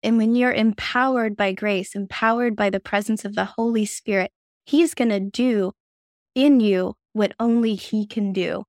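A woman's voice: mid-range voice, moderate pace, darkish tone, dry recording, clean studio sound. A woman hosting a faith podcast, enthusiastic and affirming as she chats with her guest. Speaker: podcast host. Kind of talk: casual faith podcast chat.

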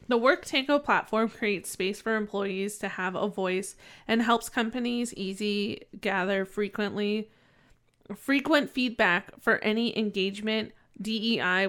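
A woman co-hosting a relaxed business chat show. She laughs easily and jokes around. She reads product details in a lower, quieter tone. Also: a little slow. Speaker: podcast co-host.

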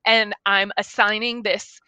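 A young woman co-hosting a casual chat, telling a story in an animated way and laughing often. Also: mid-range voice, measured pace, clean tone, dry recording, rough recording. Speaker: co-host.

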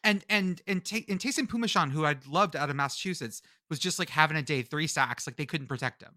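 Male podcast co-host, slightly high, bright and forceful, jokey and stumbling. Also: fast, no room sound. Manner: jokey, riffing, stumbles over words. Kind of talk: casual sports chat.

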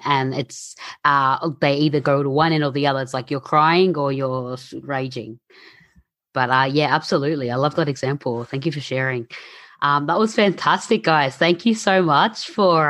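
A woman's voice: low-pitched, no room sound, studio quality. A woman hosting a podcast, thanking her guests in casual chat and wrapping up the discussion. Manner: warmly thanks guests, with fillers and restarts. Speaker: podcast host.

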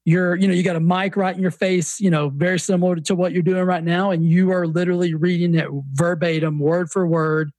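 High-voiced Southern man, animated storyteller. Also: brisk, few pauses, no echo. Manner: animated storyteller, many restarts. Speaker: guest, fitness coach and author. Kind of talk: casual podcast interview.

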